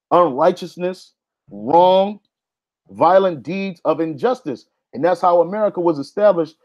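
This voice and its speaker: A man's voice: fairly high pitch, a little mellow, dull audio. A man giving an emphatic religious teaching, reading verses and often ending lines with "man". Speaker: Bible teacher. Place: Hawaii.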